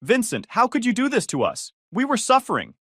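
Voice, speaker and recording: A male narrator voicing a shrill, self-pitying middle-aged mother who shrieks and accuses. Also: big pitch swings, brisk, darkish tone, no echo, clean studio sound, natural voice. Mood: shrieking. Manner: shrieking, dramatic.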